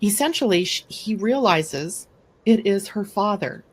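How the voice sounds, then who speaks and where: A middle-aged woman hosting a live astrology show, chatting casually and telling stories with lively acted-out quotes. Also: medium pitch, unhurried, husky. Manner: animated storyteller who acts out quoted speech. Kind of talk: casual conversational storytelling.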